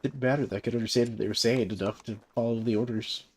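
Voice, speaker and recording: With a medium-pitched, steady voice, he talks fast while playing on his livestream. The speaker, a man in his thirties from the American South who hosts a server, rambles in a laid-back way and chuckles often between many fillers.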